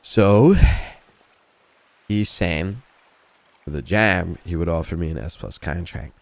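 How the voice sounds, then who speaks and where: Deep-voiced man rambling in roleplay. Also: slow pace, vocal fry, no room sound. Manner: profane, rambling, full of "you know what I mean". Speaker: roleplay gamer. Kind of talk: in-character roleplay chat.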